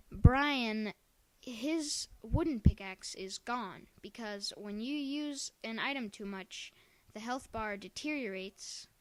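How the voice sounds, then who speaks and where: A woman's voice: mid-range voice, a bit bright, dry recording. Upbeat woman explaining gameplay. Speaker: game tutorial narrator. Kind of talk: casual gameplay commentary.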